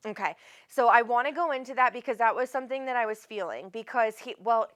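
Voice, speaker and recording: A woman's voice: on the high side, quick pace, fairly bright tone. A woman psychic host who talks in a loose, rambling stream, breaking off mid-thought and restarting. She is affectionate with her caller, calling her honey, and drops the odd casual curse. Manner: rambling, self-interrupting, casual swearing. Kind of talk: live spirit reading.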